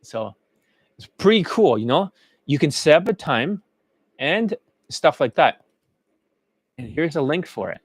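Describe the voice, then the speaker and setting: A man's voice: a little high, sing-song, measured pace, pauses often, slightly rough, no room sound, clean studio sound. A man talking as a dating coach in a brash, boastful monologue, swearing freely. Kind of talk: casual promotional monologue.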